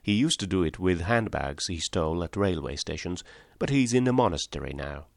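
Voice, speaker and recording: Meek little country priest, a man reading him, plain and apologetic, lowish voice, dry sound. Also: expressive, brisk, creaky, dry recording. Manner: simple, gently apologetic. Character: small, mild rustic priest, adult man.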